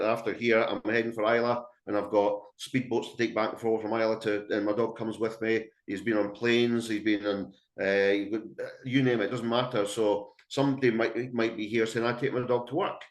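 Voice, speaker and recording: A man's voice: fairly low pitch, level tone, normal speed, hardly any pauses. A middle-aged man, a dog trainer giving a blunt, emphatic webinar talk full of anecdotes to dog owners. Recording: echoey room.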